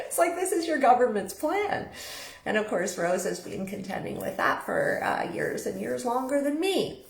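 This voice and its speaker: A woman's voice: a little high, huge pitch swings, normal speed, creaky, reverberant. A woman from Canada hosting her own online show, chatty and meandering with frequent fillers. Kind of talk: casual live-stream talk.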